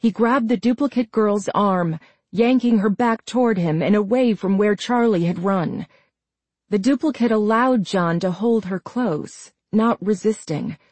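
A woman reading a suspense novel aloud in a measured, even storytelling manner. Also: medium pitch, no room sound. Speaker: narrator. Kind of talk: scripted audiobook narration.

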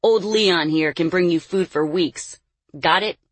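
Brief: a woman doing a menacing male tormentor for an audiobook, low and husky, taunting threats. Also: a little slow, no echo. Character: cruel, menacing adult male captor in charge. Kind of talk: audiobook character voice.

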